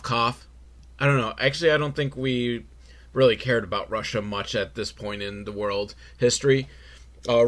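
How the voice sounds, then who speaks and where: A man's voice: mid-range voice, pushed and bright. A man hosting a comedic podcast, recapping a film with sarcastic, rambling asides. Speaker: podcast host.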